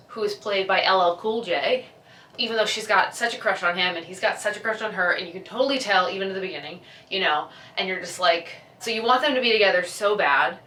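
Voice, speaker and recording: A woman's voice: medium pitch, bright, forceful tone. A young woman, chatting casually and gushing as she retells a film, acting out the lines. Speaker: vlogger. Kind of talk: casual chat. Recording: echoey room, a bit far from the mic.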